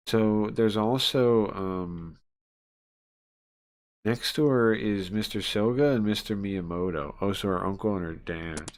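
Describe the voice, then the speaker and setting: A man casually reading a game aloud on a live stream, chatty and laughing often, jumping up in pitch when he voices the characters' lines. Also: a little slow.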